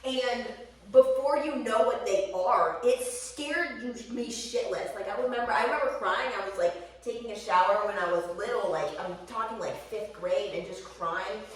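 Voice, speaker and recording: A woman's voice: medium pitch, moderate pace. Profane, rambling woman in an echoey room. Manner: rambling, candid and profane, with laughs. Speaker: vlogger. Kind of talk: casual chat to camera. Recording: echoey room, voice from far off the mic.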